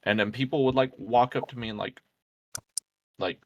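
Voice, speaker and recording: A man's voice: medium pitch, moderate pace, no room sound. A man co-hosting a crude comedy podcast, rambling and stuffing his talk with fillers. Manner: rambling, filler-heavy, lots of "like". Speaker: podcast co-host.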